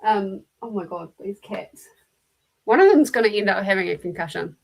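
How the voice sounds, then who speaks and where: Casting: woman with a New Zealand accent, chatty book club host, mid pitch. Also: lively intonation, normal speed, creaky, rough recording. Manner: chatty, laughing storyteller. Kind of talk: casual chat.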